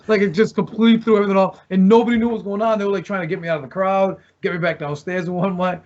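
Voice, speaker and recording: A man's voice: high voice, fairly even intonation, rapid-fire, darkish tone. A man, a former pro wrestler, telling wild stories as a podcast guest, swearing freely and laughing often. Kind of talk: casual chat, telling road stories. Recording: muffled lo-fi recording.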